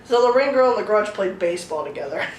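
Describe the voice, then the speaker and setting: A woman's voice: medium pitch, animated, fast talker. A woman co-hosting a podcast in casual chat, laughing through her stories. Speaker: podcast co-host. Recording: echoey room with faint hiss.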